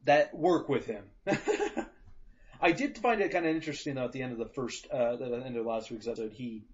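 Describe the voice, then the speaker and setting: Animated and medium-pitched at a moderate pace, this podcast co-host jokes his way through casual conversation. He curses freely and acts out quotes, all captured in dull, lo-fi audio.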